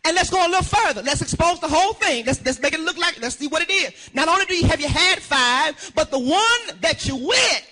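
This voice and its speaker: A male pastor delivers a sermon in a strikingly high, bright voice. He calls on the congregation for a witness and lifts his lines into shouted, sung cadences, with a touch of in his speech. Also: lively intonation, fairly quick, hardly any pauses. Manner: preaching with call-and-response, rising into shouted, sung phrases.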